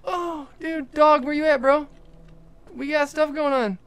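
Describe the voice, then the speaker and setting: A young adult livestreamer giving jokey, excitable commentary while playing, often talking to the game's characters. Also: sits high, measured pace. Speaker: gaming livestreamer. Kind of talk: live gameplay commentary.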